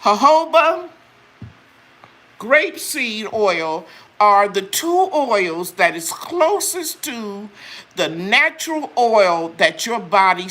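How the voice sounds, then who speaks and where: A woman's voice: medium pitch, fairly bright tone. An older woman hosting a live chat, sharing a personal testimony with religious fervor before talking about her products. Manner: earnest, preachy, talks straight to viewers. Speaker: channel host selling her products.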